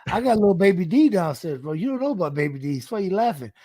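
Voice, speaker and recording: A man's voice: sits high, big pitch swings, dark tone, dry recording. A middle-aged man, co-hosting a casual podcast, swearing and laughing a lot. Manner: laughs often, swears, drawn-out. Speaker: podcast co-host. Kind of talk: casual chat.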